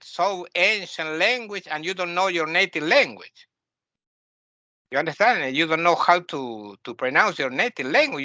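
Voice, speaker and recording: A man lectures on spiritual practice, blunt and opinionated, often circling back to repeat his point. His voice sits fairly high and sounds bright and tense. The recording is dry and a little dull. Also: no room sound. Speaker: spiritual teacher. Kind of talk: spoken lecture.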